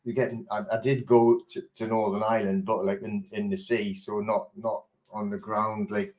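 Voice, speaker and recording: A man's voice: on the low side, level tone, moderate pace, a little mellow. A middle-aged man from England hosting a live online chat, greeting viewers by name and telling stories in a loose, rambling way with many fillers and restarts. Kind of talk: casual live-stream chat.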